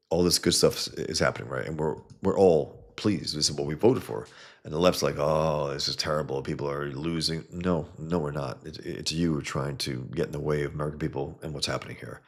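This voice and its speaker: Low gravelly man, livestream talk. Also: normal speed. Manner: enthusiastic, profane, reads chat aloud. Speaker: livestream host reviewing comic art. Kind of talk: casual livestream commentary.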